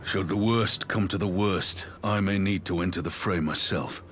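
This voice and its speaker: A gruff, steady older war commander speaks in a very low, weighty register. His phrasing is old-fashioned and deliberate, and he sounds like a leader used to being obeyed. Game music sits softly behind him. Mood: commanding.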